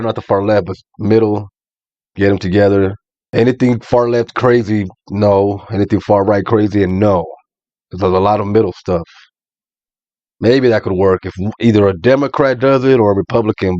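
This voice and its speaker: Laid-back low-voiced male commentator. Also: darkish tone, no echo, lo-fi sound. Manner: laid-back, agreeing, slangy. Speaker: commentator reacting to a talk show. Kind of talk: casual reaction commentary.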